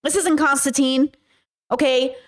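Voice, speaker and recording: A woman's voice: high-pitched, steady tone, measured pace. A woman from the Bronx, hosting a podcast and reacting in heated, slangy commentary. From the Bronx, New York. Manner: heated, exasperated, slangy, calls listeners bros and girl. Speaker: podcast host.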